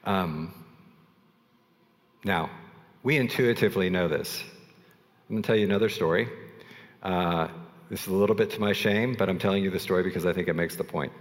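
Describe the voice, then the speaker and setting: A male pastor preaching in a relaxed, conversational way, telling stories with self-deprecating asides. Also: low-pitched, fairly quick, long pauses, in a large hall. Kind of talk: sermon.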